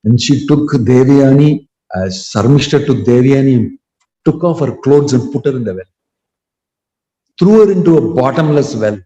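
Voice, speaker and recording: A man's voice: mid-range voice, moderate pace, dull audio. Man telling a story in an echoey hall. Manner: animated storytelling with acted quotes. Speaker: spiritual teacher. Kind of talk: sermon storytelling. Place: temple hall.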